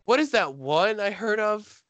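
A man's voice: sits high, animated, measured pace, fairly bright tone, no room sound, muffled recording, voice pushed up. A man imitating his middle-aged father, who is grumpy and baffled by anime and talks in a mock-outraged, raised voice.

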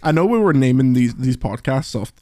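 A man talks bluntly on a games podcast, mocking his friends and swearing constantly. His mid-pitched voice is recorded dry and close. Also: lively intonation, brisk, mellow, dry recording. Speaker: podcast co-host. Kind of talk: casual chat.

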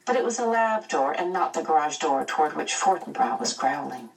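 A woman narrating a children's novel aloud in a measured, expressive way. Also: low voice, gravelly, far from the mic, poor audio. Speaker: audiobook narrator. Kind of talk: storybook narration.

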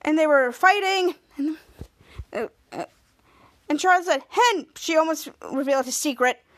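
Woman, high voice, podcast host, casual rambling recap, frequent restarts. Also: moderate pace, a bit bright. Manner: rambling run-on retelling with many restarts; quotes characters in a raised voice.

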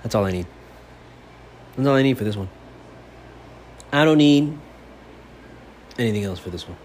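A man's voice: medium pitch, animated, normal speed, a little mellow. A man hosting his own sports fan podcast, delivering a profane, fired-up monologue. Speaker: podcast host. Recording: faint background noise.

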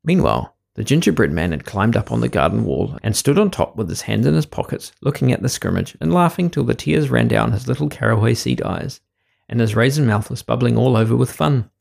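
Gravelly husky guy reading a kids story, lots of ups and downs. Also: mid-range voice, a little fast. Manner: lively expressive reading. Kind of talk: reading a children's story aloud.

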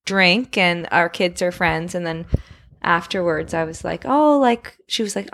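A woman's voice: on the low side, measured pace, fairly bright tone. A woman in her thirties, a podcast guest, chatting casually and peppering her talk with "like". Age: 30s. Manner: chatty, filled with "like". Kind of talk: casual chat.

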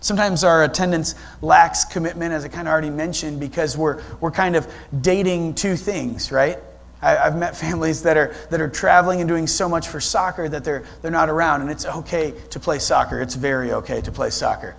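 This Ohio-born guest pastor, a middle-aged man, gives his sermon like a conversation, telling stories and frequently starting over mid-thought. He talks briskly in a slightly high, fairly bright voice with vocal fry and fairly even intonation.

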